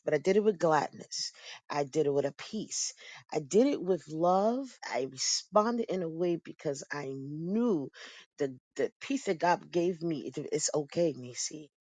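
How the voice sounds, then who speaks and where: A middle-aged woman giving a personal testimony in a lively, storytelling way, often breaking into laughter. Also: low voice, measured pace, no room sound. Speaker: guest sharing testimony.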